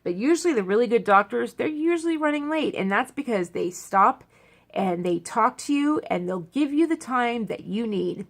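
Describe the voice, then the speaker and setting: A young woman talks straight to her camera in a loose, rambling vlog, repeating lines for emphasis. Her voice carries a gravelly vocal fry, and she sounds worn out and in pain after a procedure. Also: fairly high pitch, lively intonation, moderate pace. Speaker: vlogger. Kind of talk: casual talk to camera.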